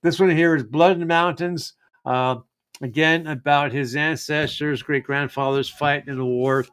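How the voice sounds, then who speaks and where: Man, middle-aged, smooth clear voice, rambling casual live-show talk. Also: a little high, fairly even intonation, moderate pace, fairly bright tone. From United States. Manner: rambling, many fillers and restarts. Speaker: host of a live genealogy show. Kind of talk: casual live-stream chat.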